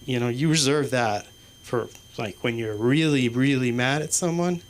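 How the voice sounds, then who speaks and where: A man performing stand-up in a small comedy club, his delivery halting and rambling, with a swear word every few phrases. Faint room noise sits under his voice. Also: medium pitch. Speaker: stand-up comic. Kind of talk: stand-up set.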